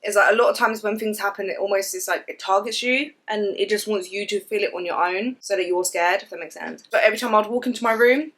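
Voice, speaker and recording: A woman, telling a story to camera in a casual vlog and acting out the sounds and what people said. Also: medium pitch. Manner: fast animated storytelling, acts out sounds and quotes. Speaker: vlogger.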